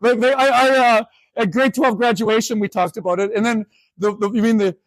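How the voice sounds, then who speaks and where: Man in his 40s, Canadian, keynote storyteller, self-mocking, fairly high voice, dry sound, lively comic delivery. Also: no room sound. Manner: animated, self-mocking, quick asides. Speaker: keynote speaker. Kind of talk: humorous storytelling talk.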